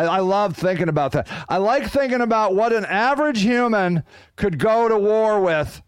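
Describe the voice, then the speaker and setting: High-voiced, fiery ranting man. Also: clean tone, no room sound. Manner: profane, fiery, swings from loud outbursts to low growls; animated, ranting. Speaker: podcast host. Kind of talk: solo podcast rant.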